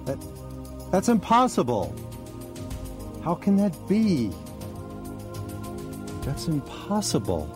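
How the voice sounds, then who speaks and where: A man's voice: on the high side, huge pitch swings, slow, pauses often, over music, heavily acted. An actor playing a man stunned by a patient's death, repeating his disbelief frantically over a film score. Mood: disbelieving. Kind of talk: film drama acting.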